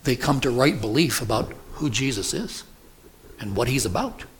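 Against slight background noise, a preacher with a mid-range voice and lively intonation works through an expository sermon. His delivery is emphatic and deliberate, and he keeps asking the congregation rhetorical questions.

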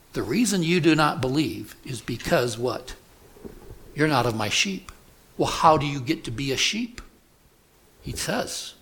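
In an expository sermon, a man preaches with a fairly bright tone at medium pitch. He poses rhetorical questions to his congregation, speaking in a measured, emphatic way.

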